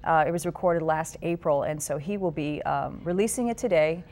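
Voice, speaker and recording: A woman's voice: sits low, a little fast, darkish tone. A woman appearing as a guest on a live morning show, eagerly promoting a benefit event. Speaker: guest organizer. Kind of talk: live TV interview.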